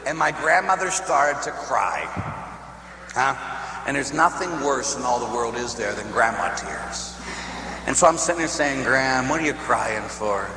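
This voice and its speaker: A priest from Pittsburgh telling a story in a sermon, animated and often laughing, tossing out "huh?" to the listeners. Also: male voice, medium pitch, unhurried. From Pittsburgh, USA. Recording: echoey hall, faint hum.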